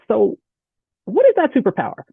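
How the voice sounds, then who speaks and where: Animated woman w/ a southern lilt giving a talk over a video call, sounds like a phone line. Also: fairly high pitch, moderate pace, gravelly, husky, no room sound. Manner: chatty, animated, keeps asking "right?". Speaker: guest speaker. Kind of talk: online presentation. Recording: tinny phone-like audio, dry.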